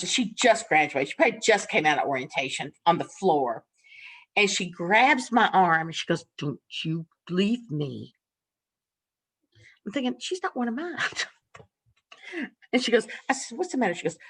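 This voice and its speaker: A woman's voice: lowish voice, breathy edge. An older woman teaching a nursing class, frank and folksy, laughing often as she tells stories from the ward. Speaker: nursing instructor. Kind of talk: classroom lecture with storytelling.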